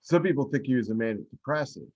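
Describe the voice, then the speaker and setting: Man, author guest, casual chat, halting speech, repeats words. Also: mid-range voice, animated, darkish tone, dull audio.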